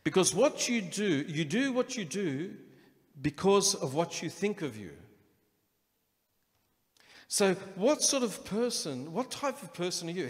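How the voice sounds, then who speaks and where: Preaching man, in a reverberant hall. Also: high voice. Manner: animated preaching with acted-out inner voices. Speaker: pastor. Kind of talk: sermon. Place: church hall.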